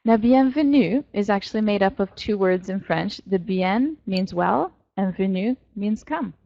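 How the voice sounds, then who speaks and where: A woman teaching an online French class to young students, playful and animated as she explains pronunciation. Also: medium pitch, measured pace, creaky, no echo, dull audio. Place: virtual world classroom.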